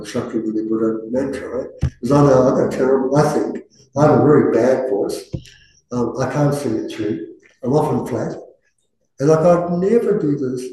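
A man giving a relaxed, conversational Buddhist talk and leading a guided meditation in a self-deprecating way. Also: mid-range voice, a little hiss or hum. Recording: very echoey room.

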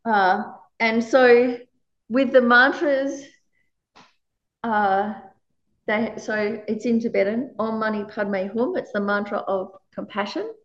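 A woman with a fairly high voice gives a conversational dharma talk as a meditation teacher and laughs often. The recording sounds roomy, as if made in a reverberant space. It is also slightly dull and muffled. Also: slow.

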